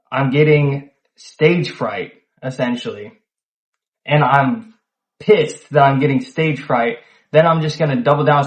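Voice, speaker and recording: A man talking to camera in a loose, conversational monologue, full of fillers and the odd swear word. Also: medium pitch. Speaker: solo video host. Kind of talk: casual reflective monologue. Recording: echoey room, poor mic.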